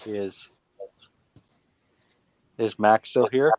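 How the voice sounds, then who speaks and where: A man's voice: fairly low pitch, steady tone, extremely slow, a little mellow, slight background noise, poor audio. A man hosting a live stream in casual chat, teasing a guest and often repeating his words.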